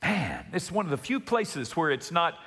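A man preaching a sermon as pastor, calling on the congregation to answer back and slowing down to stress key words. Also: on the high side, very animated, pushed and bright, slightly rough, in a large hall. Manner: calls for congregation responses, emphatic with slow stressed words.

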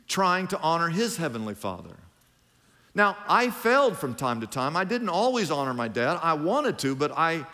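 A man's voice: fairly high pitch, pushed and bright. A middle-aged man preaching a sermon as pastor, drawing lines out and leading the congregation in call-and-response. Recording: long hall reverb.

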